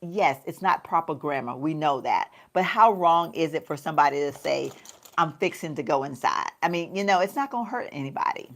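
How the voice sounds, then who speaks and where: Chatty Southern woman vlogger, lower voice. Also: expressive, fairly quick, few pauses. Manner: chatty, folksy, laughs often, calls viewers y'all. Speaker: lifestyle vlogger. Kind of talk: casual chat while doing makeup.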